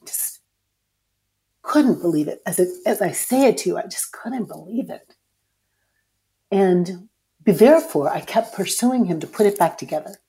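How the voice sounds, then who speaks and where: A woman guest and author telling a personal story frankly and emotionally, cursing at times and swinging between hushed and loud. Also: lowish voice, animated, a little slow, long pauses.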